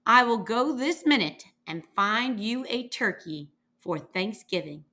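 A woman reading a children's picture book aloud, slowly and expressively, giving the animals their own voices. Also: on the high side. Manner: lively character voices, slow and expressive. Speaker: reader.

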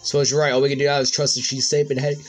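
A man's voice: mid-range voice, level tone, rapid-fire, faint music behind. A man hosting a let's play, reading every character's lines aloud in his own voice, with his own asides in between.

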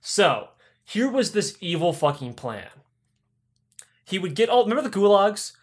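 A man's voice: high-pitched, very animated, measured pace. Profane rambling comedic male storyteller. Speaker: podcast host. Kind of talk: irreverent comedic history retelling.

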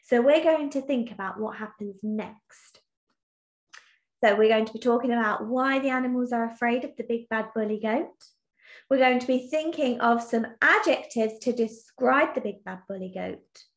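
A woman teacher reading a storybook aloud in an expressive, sing-song way, then explaining a task in an online lesson. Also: a little high. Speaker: primary school teacher. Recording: echoey room.

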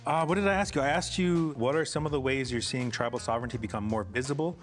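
A man's voice: mid-range voice, fast talker, faint music behind. A man hosting a casual chat show who asks long, earnest, winding questions. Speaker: host.

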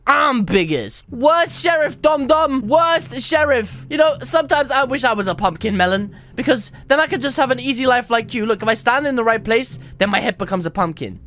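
Woman, gaming commentator, high-pitched, very animated, goofy, yelping, over-the-top. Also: moderate pace, hardly any pauses. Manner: excitable, exaggerated and goofy, mock-bragging, frequent yelps. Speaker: gaming YouTuber. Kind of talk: gameplay commentary.

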